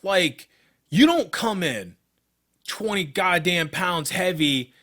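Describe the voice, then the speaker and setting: A young man with a high, expressive voice speaks slowly and with a sharp tone. He's co-hosting a casual podcast and, as an MMA fighter, talks about his fighting career in a blunt, profane, worked-up way.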